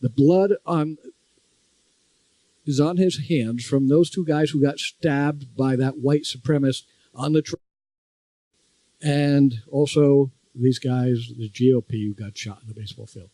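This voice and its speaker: An indignant man scolding in a political opinion monologue. His voice is very dark and mellow, recorded dry with almost no room sound. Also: mid-range voice, steady tone, measured pace, no room sound. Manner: indignant, scolding, mocking mimicry. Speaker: political commentator.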